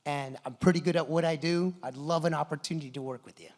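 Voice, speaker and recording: An eager young hacker with a rough street-style way of speaking, as a speaker on stage puts him on. He talks quickly and earnestly, his voice pitched on the high side for a man. The sound rings with the long echo of a big hall. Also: fairly even intonation, a little mellow, lightly acted.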